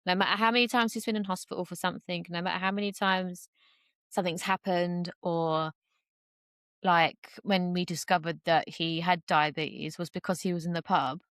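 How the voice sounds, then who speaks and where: Young woman, lowish voice, dry close sound, chatty, lots of fillers. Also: no echo. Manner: chatty, many fillers, acts out quoted voices. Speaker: podcast guest. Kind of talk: casual conversation.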